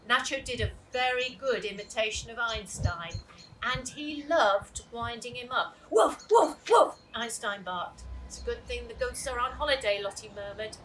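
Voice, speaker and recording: A woman reading a children's storybook aloud, lively and expressive. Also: medium pitch. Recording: distant mic with steady hiss.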